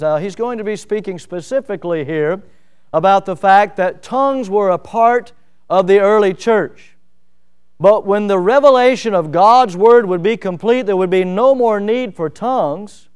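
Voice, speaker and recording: A middle-aged man preaching a sermon in a folksy, animated way, with lots of fillers. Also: sits high, measured pace, clear, resonant tone. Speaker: pastor.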